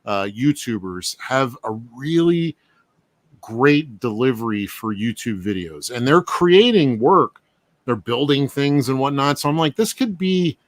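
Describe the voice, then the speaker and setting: A man hosting a casual chat, relaxed and reflective, chuckling often. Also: mid-range voice, measured pace, no room sound.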